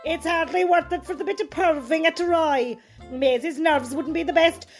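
A gossipy countrywoman with a Cork accent who talks bluntly and chattily. Her voice is high, and faint music plays behind her. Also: moderate pace. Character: gossipy rural Cork woman writing a letter. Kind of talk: comedy sketch acting.

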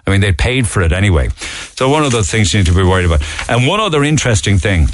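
A man's voice: on the low side, big pitch swings, very fast, a little hiss or hum. A man with a Cork Irish accent, hosting a radio show and telling a rambling story full of fillers and restarts into a studio microphone. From Ireland. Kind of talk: casual radio talk, telling an anecdote.

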